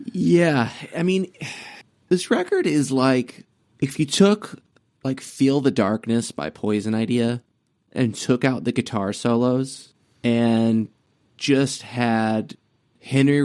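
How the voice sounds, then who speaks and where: A man on a podcast talking about music with loose, enthusiastic phrasing. He takes his time and speaks at an unhurried pace. His pitch sits in an ordinary middle range. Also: darkish tone. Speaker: podcast co-host. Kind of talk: casual music chat.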